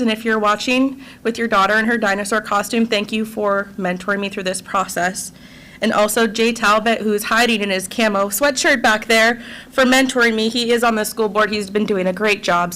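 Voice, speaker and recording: A woman's voice: medium pitch, steady tone, moderate pace, fairly bright tone, low-quality recording. A woman, a school board candidate, giving an earnest and emotional prepared campaign speech to a local audience.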